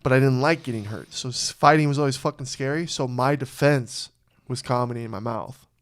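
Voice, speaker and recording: A man's voice: mid-range voice, fairly quick. A man hosting a podcast, chatting in a blunt, profane, joking way. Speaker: podcast host. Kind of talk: casual chat.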